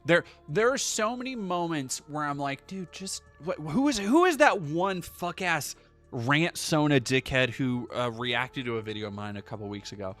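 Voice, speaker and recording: A man's voice: on the high side, expressive, normal speed, a bit bright, faint music behind. A man streaming casually, rambling and swearing as he reads chat aloud.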